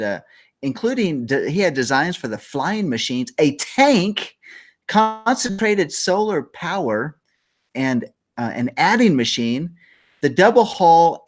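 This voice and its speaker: A male talk show host chats loosely through trivia, rambling and joking as he goes. His pitch moves around a lot and he laughs easily. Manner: jokey, rambling, laughs often. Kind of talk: casual morning show chat.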